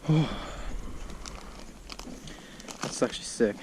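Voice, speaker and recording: An excitable young Australian man chats and laughs to the camera while fishing on a lagoon shore. His voice sits in an average pitch range. Faint outdoor noise runs underneath. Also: slow. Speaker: fishing vlogger. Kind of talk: casual chat while fishing.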